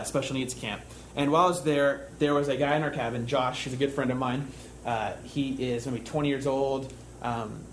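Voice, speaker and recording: A young man delivers a sermon like a friendly chat, often stumbling and restarting his sentences. His voice sits a little above the usual male pitch. A faint hiss of noise runs under the recording. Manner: conversational, halting with fillers and restarts. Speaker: camp counselor giving a church talk. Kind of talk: sermon with storytelling.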